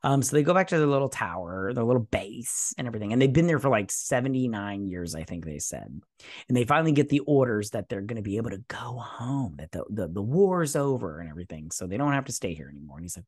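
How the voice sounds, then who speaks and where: A man's voice: lowish voice, very animated, a little fast, darkish tone, no room sound, clean studio sound. Crude, rambling male show reviewer. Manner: crude, mocking, loose paraphrase; hesitant, searching for names. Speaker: host of a TV review channel. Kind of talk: casual episode recap and review.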